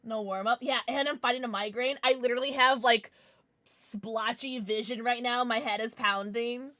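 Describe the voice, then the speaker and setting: A woman's voice: fairly high pitch, fairly even intonation, moderate pace, pushed and bright, no echo, clean studio sound. A young woman streaming a game, chatting frankly and bluntly with her viewers. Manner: blunt and irritable, swears. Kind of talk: casual livestream chat.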